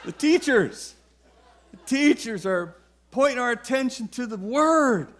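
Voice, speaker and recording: Brief: male preacher with a very high voice, joking, punchy, repeats key lines. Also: expressive, measured pace, fairly bright tone, slight background noise. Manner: emphatic and humorous, with many repetitions. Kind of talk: sermon.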